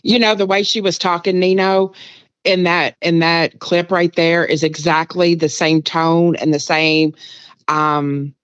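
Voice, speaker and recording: A woman's voice: on the low side, flat delivery, clean tone, no echo. Blunt woman on a dull call line. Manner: blunt, indignant, quick. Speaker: guest co-host. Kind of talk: live political chat over a call.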